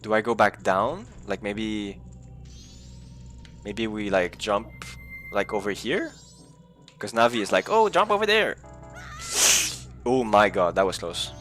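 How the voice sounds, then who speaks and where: A man's voice: fairly low pitch, steady tone, unhurried, long pauses, a bit bright, faint music behind. A man streaming a video game, chatting loosely with his viewers and swearing freely as he rambles. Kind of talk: casual live-stream chat while gaming.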